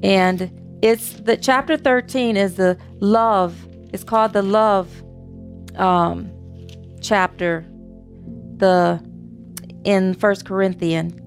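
A woman's voice: mid-range voice, fairly even intonation, slow pace, pauses often, faint music behind. A woman giving a casual sermon to her spiritual community, chatty, with restarts and a joke. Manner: chatty and warm, with restarts and a joking anecdote. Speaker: speaker giving the talk at a spiritual community service.

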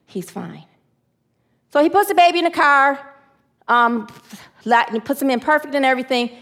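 A woman giving a personal testimony sermon, emotional, swinging from excited high lines to hushed low ones, and preaching to her listeners. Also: fairly quick. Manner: preachy, asks audience to answer. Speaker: spiritual speaker.

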